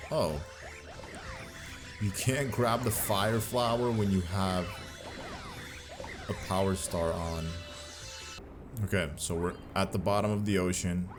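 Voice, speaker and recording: A man's voice: low voice, slow, pauses often. Playful trash-talking man over game music. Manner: playful slangy trash talk, jokey asides. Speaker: gaming commentator. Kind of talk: casual gameplay commentary.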